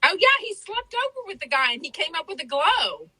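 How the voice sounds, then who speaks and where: A woman's voice: very high voice, sing-song, brisk, sharp tone, rough recording. A woman hosting a podcast, chatting casually in a rambling way with lots of fillers. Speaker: podcast host. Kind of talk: casual chat.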